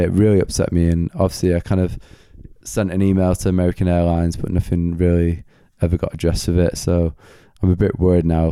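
A man's voice: deep voice, warm tone, smooth, dry recording, clean studio sound. A man hosting a solo Q&A podcast late at night, his voice going a bit, rambling with lots of filler words like "kind of" and "like". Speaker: podcast host.

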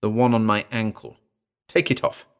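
A man's voice: fairly low pitch, fairly even intonation, moderate pace, smooth, natural voice. Sniffing, accusing young woman, voiced by a male reader. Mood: scornful. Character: scornful pale young woman.

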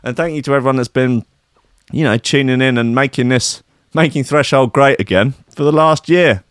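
A man's voice: mid-range voice, moderate pace, a bit bright, clean tone, dry recording, clean studio sound. A man hosting a casual chat show, sarcastic and chatty, laughing often. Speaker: radio show host.

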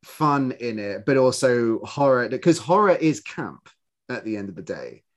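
A man co-hosting a casual podcast chat, his voice sitting at an ordinary middle pitch. He talks in an animated, rambling way, restarting sentences and filling gaps with ums and likes. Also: unhurried. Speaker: podcast co-host.

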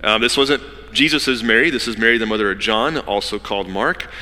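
A man preaching a sermon as pastor, telling the story with lively asides and acting out the people in it. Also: lowish voice, long reverb tail. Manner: animated storytelling, acting out characters in quick asides.

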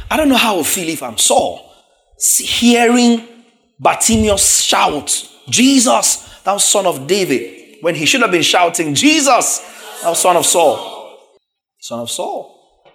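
A man's voice: on the high side, fairly bright tone. A man preaching a sermon, reading scripture verses aloud and explaining word meanings, often checking in with the congregation through questions.

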